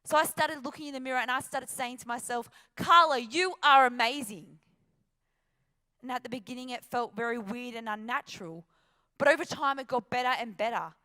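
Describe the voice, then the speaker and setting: Upbeat Australian woman motivational speaker, bright and forceful, a touch high. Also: fast. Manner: emphatic, upbeat, speaks to the audience. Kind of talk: stage motivational talk. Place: stage before an audience.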